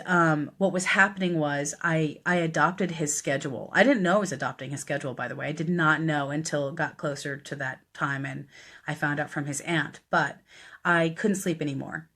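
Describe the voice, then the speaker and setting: A woman's voice: deep voice, moderate pace, a bit bright. A woman, a death doula, earnestly telling a personal story on a live stream, chatty and full of fillers. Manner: earnest, conversational, many fillers.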